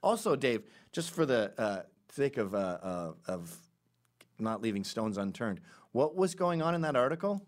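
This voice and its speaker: A middle-aged man hosting a podcast, telling stories in an animated, sarcastic, casual way. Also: mid-range voice, moderate pace. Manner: animated storytelling with sarcastic asides. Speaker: podcast host.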